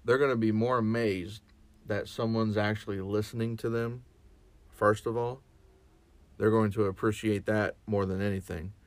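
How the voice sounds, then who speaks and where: A man's voice: on the low side, fairly even intonation, moderate pace, no room sound. A man speaking as a chaplain in a reflective podcast monologue, earnest and often restarting and repeating his words.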